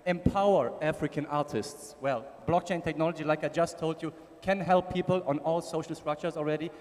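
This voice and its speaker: Man with German accent, casual conference speaker, slightly high voice, long ballroom reverb. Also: fairly quick, a little mellow. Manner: casual, joking with the audience and slide helper. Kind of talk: conference talk.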